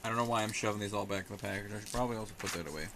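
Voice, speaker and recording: A man's voice: lowish voice, rapid-fire, background noise. A young man rambling sarcastically on a casual live stream while he talks back to his chat.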